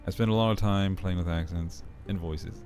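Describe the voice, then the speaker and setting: A man's voice: low voice, steady tone, normal speed, a little mellow, faint music behind. A man chatting casually and playfully on a live stream, laughing often.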